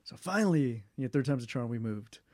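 A young man in a casual interview, talking in a rambling way with many fillers, restarts and throat clearing. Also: medium pitch, lively intonation, brisk, darkish tone, dry recording, clean studio sound. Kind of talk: casual oral history interview.

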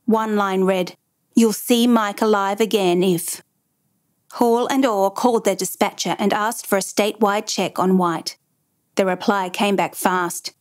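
A woman with a middling-pitched voice narrates a true story in a measured, dramatic way, steadily building suspense.

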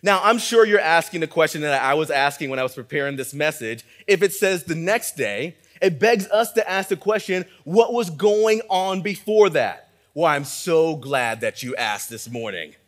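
An earnest male pastor delivering a sermon, his voice sitting a bit higher than most men's. He preaches with emphasis, driving home points by repeating phrases, and moves from a quiet prayer into teaching. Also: lively intonation, normal speed, hardly any pauses.

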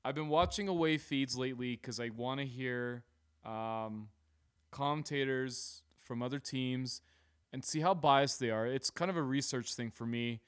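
Swearing, laughing podcast host. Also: male voice, mid-range voice, unhurried, clean tone. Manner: animated, swears freely, laughs often. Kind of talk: casual sports chat.

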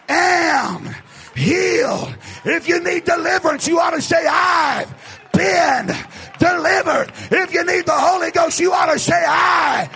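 A male pastor preaching a fervent sermon to a live congregation, building to shouted exhortations. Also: very high voice, vocal fry. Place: church service before a congregation.

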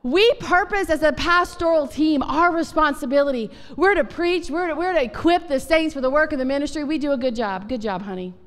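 A woman pastor preaches a testimony sermon with animated emphasis. Her voice sits high and bright, and it carries a long reverb through the church sanctuary. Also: fairly quick, hardly any pauses. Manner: animated, emphatic preaching with Southern turns of phrase.

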